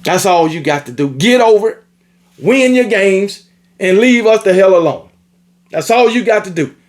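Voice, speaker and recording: A man with a notably high voice rants at rival fans. He scolds and repeats himself, swearing freely in a loose monologue. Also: lively intonation, normal speed. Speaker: sports commentator. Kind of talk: ranting sports opinion monologue.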